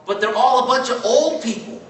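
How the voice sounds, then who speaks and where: A man from California in his forties, telling a story to a live audience at a training event in a chatty, animated way and asking "right?" again and again. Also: extremely high pitch, a little fast. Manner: chatty, animated, asks "right?" often, laughs as he talks. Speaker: network marketing trainer. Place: large hall with an audience. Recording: very echoey hall, mic far off.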